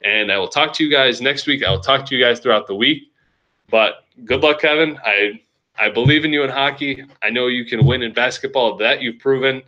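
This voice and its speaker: A man's voice: mid-range voice, brisk, pushed and bright, dull audio. A young man hosting a casual fantasy sports recap for his league, loose and joking, rambling with restarts.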